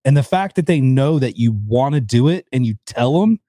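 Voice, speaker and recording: A man talking casually on a podcast, relaxed and conversational. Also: mid-range voice, moderate pace, no echo, clean studio sound. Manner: relaxed, conversational, says "like" often.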